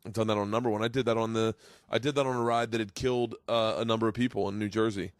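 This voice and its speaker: A man in his forties hosting a podcast, telling rambling, excitable stories with plenty of swearing. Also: fairly low pitch, very fast, no echo, studio quality. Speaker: podcast host. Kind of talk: casual podcast chat, storytelling.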